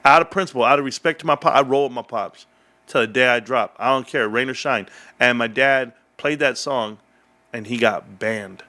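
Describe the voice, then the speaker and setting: Gravelly rambling livestream host, man. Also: mid-range voice, moderate pace. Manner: rambling, animated, jokey. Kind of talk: casual livestream chat.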